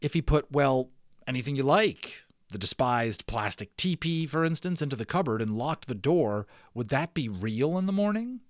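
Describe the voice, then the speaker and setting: A man narrating a children's novel aloud in an expressive, dramatic storytelling style. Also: mid-range voice, moderate pace, no room sound, clean studio sound. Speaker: audiobook narrator.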